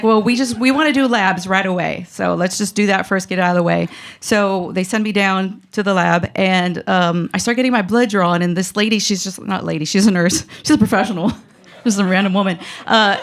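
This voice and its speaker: A woman's voice: medium pitch, vocal fry, a little hiss or hum. A woman telling a comic personal story on a live stage, mouthy and self-mocking, with lots of fillers and laughter.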